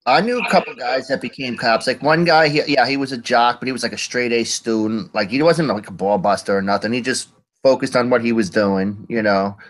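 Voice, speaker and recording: A laid-back man talks as a podcast co-host. His voice sits at a middle pitch, and he explains things in a plain, matter-of-fact way. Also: a little fast, a bit bright, slight background noise, poor audio. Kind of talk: casual chat.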